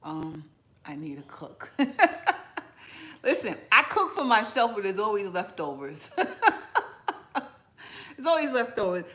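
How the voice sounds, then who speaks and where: A woman hosting a home cooking channel, chatting casually with viewers while she eats, relaxed and laughing often. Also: mid-range voice. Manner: chatty and relaxed, talks between bites and greets viewers by name. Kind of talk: casual live chat while eating.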